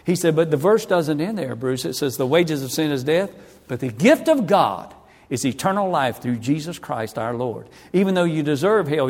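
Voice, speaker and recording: A man's voice: fairly high pitch, creaky, darkish tone. A middle-aged man from North Carolina, telling his conversion story as a sermon, acting out the voices of the people in it. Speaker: evangelist giving his testimony. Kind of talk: sermon testimony. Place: church hall. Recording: long hall reverb.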